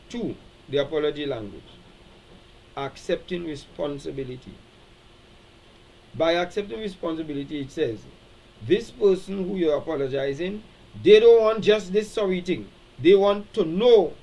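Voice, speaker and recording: A man hosting a live-stream talk, animated and preacherly, reading out viewer comments and acting out quoted speech. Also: a little high, low-quality recording. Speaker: show host.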